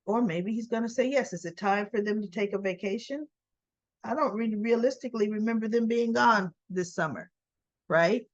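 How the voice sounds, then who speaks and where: A woman's voice: medium pitch, moderate pace, muffled recording. A woman hosting a casual soap opera recap, retelling scenes by quoting the characters and adding opinionated asides. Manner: animated storyteller, quotes characters in dialogue, opinionated asides.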